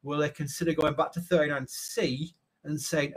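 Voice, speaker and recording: Guy with a slightly high voice, chatty and rambly, co-hosting a casual live show. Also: fast, gravelly, slightly rough. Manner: rambling, lively storytelling. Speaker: co-host, managing editor.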